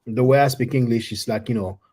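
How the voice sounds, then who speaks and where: Husky man talking haltingly. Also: medium pitch, darkish tone. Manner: halting, stumbles over repeated words. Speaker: discussion participant. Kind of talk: casual group talk.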